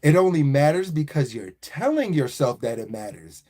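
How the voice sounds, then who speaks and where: A high-voiced man talking straight to his livestream viewers in a loose, preachy flow. He circles back on his points and keeps checking that they follow him. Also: big pitch swings, normal speed, warm tone. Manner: repetitive, preachy, keeps asking "right?". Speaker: livestream motivational host. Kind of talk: casual motivational livestream talk.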